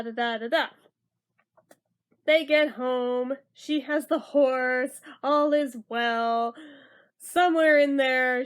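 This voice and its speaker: A young woman giving a casual, sarcastic movie review, chatty and prone to swearing and mock-dramatic outbursts. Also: high voice.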